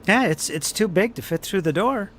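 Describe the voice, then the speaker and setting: A man running a tabletop game, wrapping up the session in a relaxed, joking way while tired from no sleep. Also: sits high, normal speed, a little hiss or hum. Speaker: game master. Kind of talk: post-session wrap-up chat.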